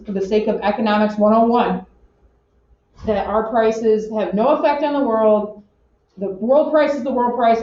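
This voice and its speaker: A woman teaching an economics class in an animated, joking way, acting out her examples. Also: on the high side. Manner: animated, jokey, acts out examples. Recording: roomy, distant, dull classroom audio.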